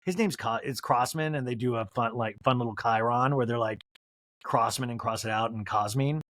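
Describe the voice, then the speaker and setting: A man's voice: mid-range voice, fairly quick, no echo. A man hosting a podcast, recapping reality TV in a gossipy, comic way and breaking into impressions. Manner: animated and gossipy, with sudden impressions. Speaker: podcast host.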